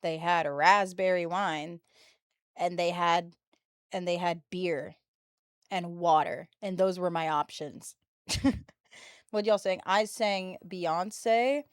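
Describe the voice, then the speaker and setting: A woman's voice: fairly low pitch, slow, pauses often, smooth, no echo, studio quality. Chatty young woman streamer. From United States. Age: 22, early 20s. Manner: animated, chatty storyteller, slangy. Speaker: livestreamer. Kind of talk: casual chat to stream viewers.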